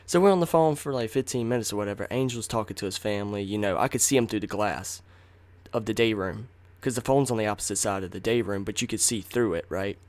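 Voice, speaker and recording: A man's voice: on the low side, quick pace, a little mellow, no echo. A man telling a personal story in a casual, slangy, profane way, acting out what people said. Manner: profane, slangy, acts out quotes. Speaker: storyteller host.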